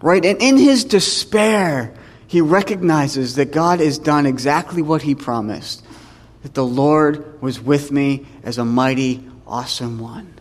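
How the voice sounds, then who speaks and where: A man's voice: on the high side, measured pace, in a large hall. A man preaching a sermon in a conversational way, dropping in tag questions and acting out the scripture dialogue.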